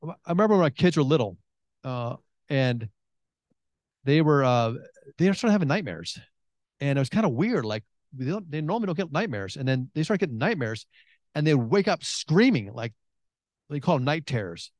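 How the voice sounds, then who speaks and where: A middle-aged man preaching a sermon, emphatic and repetitive, swinging between excited bursts and hushed intensity. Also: on the high side, normal speed, long pauses, dry recording. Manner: repeats phrases and restarts.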